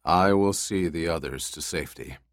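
A man's voice: low voice, normal speed, no room sound, studio quality, voice pushed down. A man reading as a worried old father. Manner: pleading, cautious. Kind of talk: audiobook character voice.

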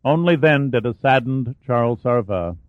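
A man's voice: mid-range voice, normal speed, no echo. Man narrating a thriller, tinny phone-like line. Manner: steady, dramatic storytelling. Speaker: audiobook narrator. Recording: dry, tinny phone-like sound.

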